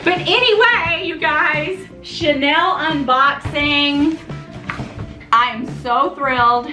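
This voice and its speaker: A woman's voice: high-pitched, slow, echoey room, music in the background. A woman vlogger unboxing a gift, breathless and gushing, laughing and sighing between thrilled remarks. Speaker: fashion vlogger. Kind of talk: excited unboxing vlog.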